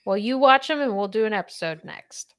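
A woman in her thirties hosts a casual podcast chat. Her pitch sits in the middle of the female range but leaps up and down as she quizzes her guest in a chatty, playful way. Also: expressive, brisk, a bit bright, smooth. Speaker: podcast host.

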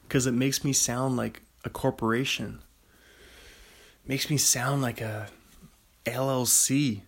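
A man hosting his own podcast in the small hours, talking in an unhurried, rambling way. His voice has a gravelly fry to it. He drifts between ideas and breaks into excited laughter. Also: mid-range voice. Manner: loopy, rambling, excitable with sudden laughing bursts. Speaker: podcast host. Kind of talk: solo late-night podcast ramble.

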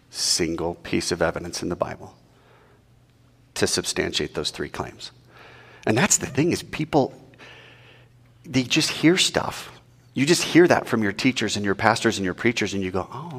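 A man preaching in an animated, rhetorical way and asking the audience questions. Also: low voice, moderate pace, long pauses, slightly rough, in a large hall. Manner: animated, rhetorical, mock-quoting. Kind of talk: sermon.

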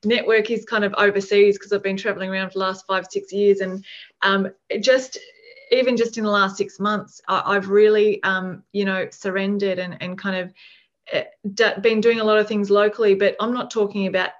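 A woman of middling pitch talks thoughtfully in casual conversation, circling her ideas with fillers and restarts. The recording sounds dull and lo-fi. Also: steady tone, moderate pace. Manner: musing, many fillers and restarts. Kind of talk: reflective casual chat.

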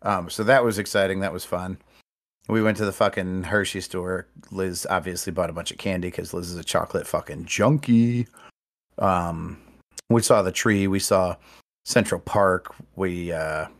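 A man in casual podcast chat, telling stories in an animated, profane way. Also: low-pitched.

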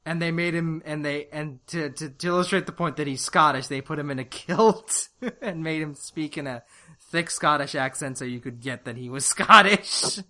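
A man co-hosting a casual review chat, animated and often laughing. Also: fairly high pitch, moderate pace. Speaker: podcast co-host.

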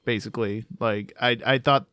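Casting: male co-host, clear voice, dry close sound, hesitant. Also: mid-range voice, steady tone, normal speed, bright, forceful tone, dry recording. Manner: hesitant, many fillers. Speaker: podcast co-host. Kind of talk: casual sports chat.

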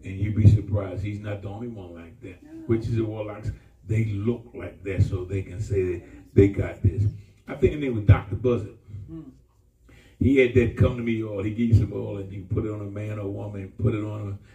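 A man's voice: fairly low pitch, fairly even intonation, moderate pace, warm tone. A man preaching a sermon in a folksy, emphatic way, with call-and-response. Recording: echoey room from far off.

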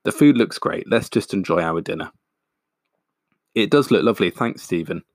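A man's voice: on the low side, lively intonation, normal speed, no room sound, studio quality. A man voicing a nervous young man who talks in a casual, jokey way.

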